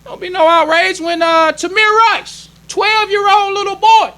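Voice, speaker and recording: A man's voice: very high-pitched, flat delivery, unhurried, bright, forceful tone. A man preaching a sermon as minister, emphatic and plainspoken, repeating his points. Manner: plainspoken, conversational delivery.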